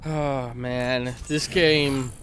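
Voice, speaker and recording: A man's voice: mid-range voice, fairly even intonation, very slow, fairly bright tone, slight background noise. Casual male gamer-host; chatty, loose, swears a bit, reads game text aloud. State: clearing throat with heartburn. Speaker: let's play streamer. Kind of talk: casual gameplay commentary.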